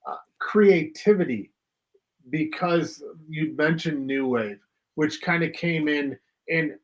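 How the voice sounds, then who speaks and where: A man's voice: a little high, slow. A man co-hosting a music podcast, musing at length in casual chat with frequent fillers and hedges. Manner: rambling, reflective, hedging with fillers. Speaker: podcast co-host.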